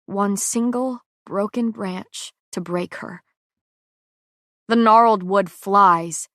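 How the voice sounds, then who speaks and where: A woman narrating a fantasy audiobook in the first person, measured and dramatic. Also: mid-range voice, no room sound, studio quality.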